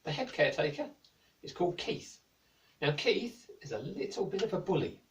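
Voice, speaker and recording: A British man narrating a children's story in a gentle, playful, lilting way. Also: fairly high pitch, big pitch swings, moderate pace, slight background noise. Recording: echoey room, mic at a distance.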